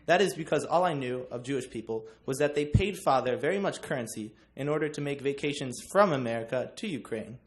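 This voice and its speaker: A man's voice: mid-range voice, lively intonation, brisk, few pauses. Young man joking through a class talk. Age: young adult. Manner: joking, many ums. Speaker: student presenter. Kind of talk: class presentation.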